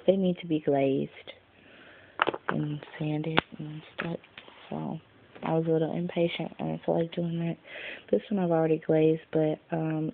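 A woman's voice: low voice, vocal fry. A tired woman in a casual show-and-tell vlog, rambling and chatty as she trails off mid-sentence. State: tired, yawning. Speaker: vlogger showing her craft pieces. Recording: tinny lo-fi phone-like sound, faint noise.

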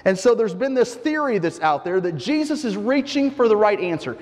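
A man's voice: high voice, sing-song, brisk, few pauses, darkish tone, big-room sound. A male pastor preaching a conversational sermon, explaining a point and asking the listeners rhetorical questions.

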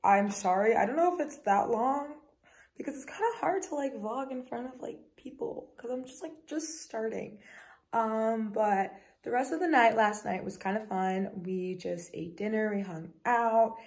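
A woman's voice: fairly high pitch, moderate pace, a little mellow, breathy edge, no echo, rough recording. A woman chatting casually to camera as a vlogger, goofy and chatty, often dropping into a whisper. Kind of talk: casual vlog chat. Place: outdoors by a pond.

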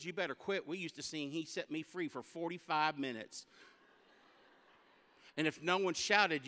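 A man giving a guest sermon as an animated, comic storyteller. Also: on the high side, clean tone. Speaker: guest speaker. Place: church sanctuary. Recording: long church hall reverb.

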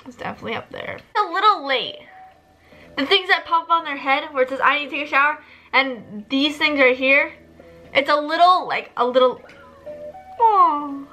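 A young woman vlogger giving excitable, casual commentary over gameplay, often squealing and laughing. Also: high-pitched, brisk, faint music behind, poor audio. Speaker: gaming vlogger.

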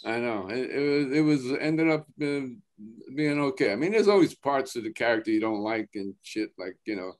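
A man with a New Jersey accent, a guest actor chatting casually, halting often and restarting his sentences, with plenty of swearing. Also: mid-range voice, lively intonation. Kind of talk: casual chat.

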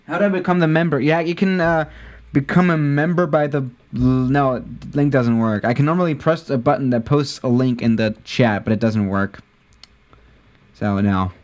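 A man's voice: medium pitch, normal speed. A man live-streaming a flight simulator, chatting casually with his viewers, often tripping over his words and laughing at himself. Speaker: livestreamer playing a flight simulator.

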